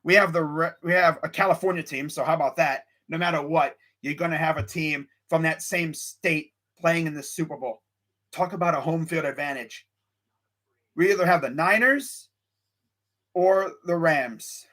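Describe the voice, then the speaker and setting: An excitable young man talks his sports picks on a casual live stream, reacting to the chat as he goes. His voice sits a little higher than most men's, and he swings between amused disbelief and hyped-up excitement. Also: moderate pace. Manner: excitable, animated, lots of sighs and laughs; reads live chat while talking. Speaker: sports show host.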